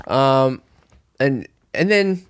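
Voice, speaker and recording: A man's voice: mid-range voice, lively intonation, extremely slow, clean tone. A man co-hosting a podcast in casual chat, crude and rambling, laughing often. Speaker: podcast co-host.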